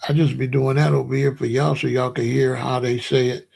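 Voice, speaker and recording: A man's voice: mid-range voice, little pitch movement, a little fast, creaky, a little mellow, breathy edge. An American man hosting his own show, talking casually and at length to viewers, repeating himself and boasting. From United States. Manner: rambling, repetitive, boastful. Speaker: commentary show host.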